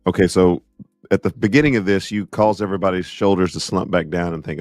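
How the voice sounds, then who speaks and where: Deep-voiced man teasing in podcast chat. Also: fast talker, a little mellow, no echo, clean studio sound, soft background music. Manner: playful, teasing, emphatic. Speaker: co-host.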